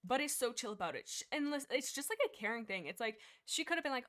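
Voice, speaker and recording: A young woman hosting a casual book discussion livestream, rambling excitedly with many fillers and restarts. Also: medium pitch, fairly quick, few pauses. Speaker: livestream host.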